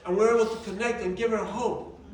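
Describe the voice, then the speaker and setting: High-voiced man coach in echoey hall. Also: very noisy. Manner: animated, emotional storytelling with shifting volume and quick asides. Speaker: motivational speaker and coach. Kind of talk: storytelling talk to a live audience. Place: large event room. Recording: echoey hall, distant mic, audience nearby.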